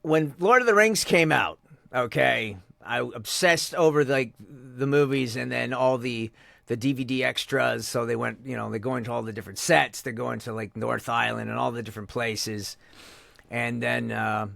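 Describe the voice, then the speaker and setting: A man's voice: medium pitch, moderate pace, creaky, a bit bright, dry recording. A man with a Canadian accent, a voice actor chatting casually as an interview guest, rambling with many restarts.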